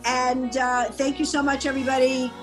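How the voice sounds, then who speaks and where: A woman with a New York accent hosts an interview, chatting in a lively, friendly way, her voice a bit high. She talks over a video call, and music plays clearly behind her. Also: moderate pace. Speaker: interview host. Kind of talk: casual interview chat.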